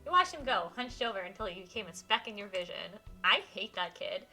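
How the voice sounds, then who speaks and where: A woman streaming a visual novel, reading the text aloud and reacting with giggles and animated comments. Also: medium pitch, brisk, soft background music.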